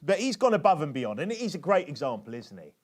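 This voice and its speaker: A man's voice: a little high, big pitch swings, quick pace. A British man preaching a conversational sermon, often tossing tag questions at his congregation. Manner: chatty, keeps asking tag questions of the congregation.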